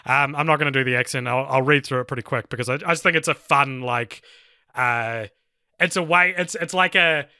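A man's voice: mid-range voice, bright, forceful tone, clean tone, no room sound, studio quality. A man co-hosting a film podcast, talking in a rambling way with lots of fillers and restarts. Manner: rambling, many fillers and restarts, reads a review aloud fast. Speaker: podcast co-host. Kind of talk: casual chat.

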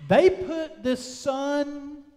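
High-voiced preacher man in a reverberant church. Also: fairly even intonation. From United States. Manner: preaching with emphatic drawn-out phrases, swinging between loud and soft. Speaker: pastor. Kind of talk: sermon. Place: church sanctuary. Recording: long reverb of a church sanctuary.

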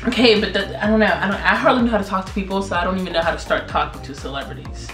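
A young woman speaking casually at a moderate pitch, often rushing and stumbling over her words. Her voice bounces around an echoey room, with faint music in the background. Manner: quick, halting, self-conscious talk. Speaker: vlogger. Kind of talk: casual chat.

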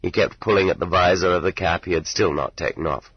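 A man narrates an audiobook in a deep, slightly husky voice, reading in a measured, even way. The sound is dry and close, with no room around it. The tape is dull and lo-fi. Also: no echo.

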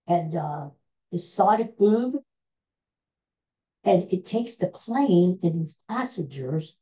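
Woman, podcast host, warm dark tone, rather low voice, rambling animated retelling. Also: poor audio. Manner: meandering, animated storytelling. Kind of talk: casual episode recap.

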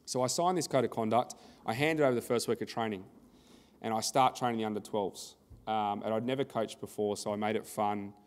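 A man's voice: fairly low pitch, fairly even intonation, fairly quick, in a large hall. An Australian man presenting a conference workshop in a conversational style, telling anecdotes and acting out the dialogue.

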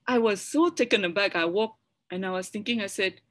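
Malaysian woman lecturer, halting, checking in. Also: mid-range voice. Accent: Malaysian English. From Sarawak, Malaysia. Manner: frequent restarts and tag questions to the audience. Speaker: academic lecturer. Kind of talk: public lecture with slides.

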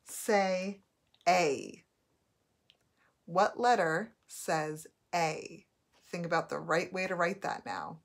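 A woman teacher giving a recorded spelling test, dictating words slowly and repeating each one. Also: on the low side, vocal fry.

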